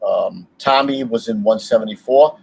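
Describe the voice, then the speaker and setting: Brief: New firefighter podcast co-host, man, lively war-story teller. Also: lowish voice, normal speed, vocal fry, breathy edge, low-quality recording. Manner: animated, swears freely, laughs while telling stories. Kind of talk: casual chat, storytelling.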